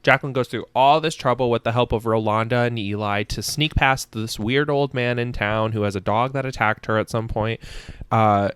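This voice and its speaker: A man's voice: medium pitch, fairly even intonation, moderate pace, fairly bright tone, smooth, no echo. A man hosting a podcast, reviewing a book in casual chat, profane and sassy, rambling with many fillers and laughs. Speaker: podcast host.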